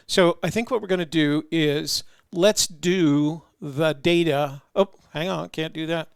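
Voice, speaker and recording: A male host chatting casually on a livestream, wandering from point to point with plenty of fillers and false starts. His voice sits a little high and has a gravelly, fry-laced edge. The sound is close and dry, with no room around it. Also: measured pace, no room sound. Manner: chatty, rambling, with many fillers and restarts.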